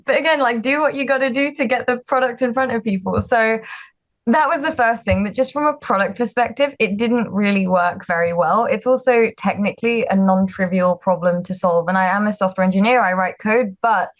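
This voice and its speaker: A woman's voice: medium pitch, moderate pace. A woman, a startup founder telling her story in a casual interview, chatty and self-deprecating with frequent ums and likes. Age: 20s.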